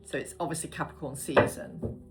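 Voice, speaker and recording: A woman's voice: sits low, fairly even intonation, a little fast, over loud music. A woman giving a casual, chatty tarot reading, murmuring card names and swearing now and then. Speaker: tarot reader.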